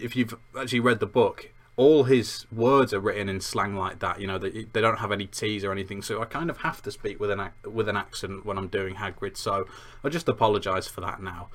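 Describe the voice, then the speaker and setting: Brief: male podcast host, lowish pitch, chatty and self-deprecating, reading and commenting. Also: fairly bright tone. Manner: rambling, self-deprecating, with fillers and restarts. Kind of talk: chatty book review with read-aloud passages.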